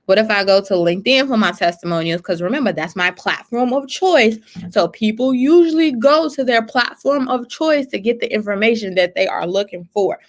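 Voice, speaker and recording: A woman's voice: on the high side, animated, normal speed. A woman coaching on business marketing in a casual, emphatic way, often repeating words as she gets worked up. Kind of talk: casual business advice talk.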